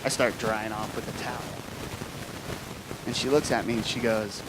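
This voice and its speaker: A man's voice: fairly low pitch, fairly even intonation, moderate pace, noisy background. A man hosting a live stand-up comedy show, telling crude stories on a club stage. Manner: crude, storytelling with quoted voices.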